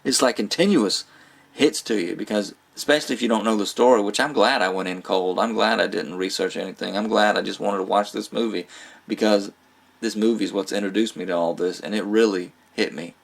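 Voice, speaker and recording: A man's voice: fairly low pitch, a little fast, creaky. A man giving a casual spoken movie review, rambling with fillers, restarts and small laughs. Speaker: film reviewer.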